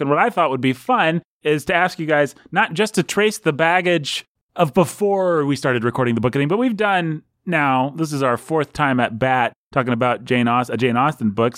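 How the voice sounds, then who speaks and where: A man's voice: medium pitch, no echo, studio quality. Playful man hosting a book podcast. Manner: playful, teasing, digressive. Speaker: podcast host. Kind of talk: casual book chat.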